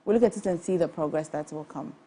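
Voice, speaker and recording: A woman's voice: low-pitched, fast, mellow, husky. A woman with a Ghanaian English accent hosting a studio panel discussion, probing with questions. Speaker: show host.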